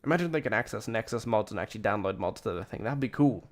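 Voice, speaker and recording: A man's voice: lowish voice, animated, racing. A tired man streaming and reacting to a clip, rambling and blunt in casual commentary, cursing freely.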